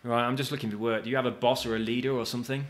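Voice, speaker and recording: A man's voice: mid-range voice, level tone, racing. A man giving chatty, jokey let's-play commentary, with casual swearing and asides to his viewers. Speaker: gaming video host.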